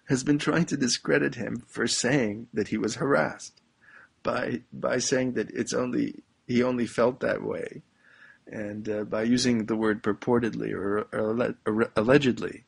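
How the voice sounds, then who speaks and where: A man's voice: mid-range voice, steady tone, normal speed, creaky, breathy edge. A man reading a news article aloud and picking it apart sarcastically, often breaking into laughter. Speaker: commentator.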